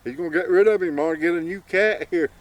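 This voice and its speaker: A man's voice: fairly high pitch, fairly quick, lightly acted. A man voicing an old, toothless male tomcat in a folk tale, drawling complaints. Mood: complaining. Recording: distant mic, faint outdoor noise.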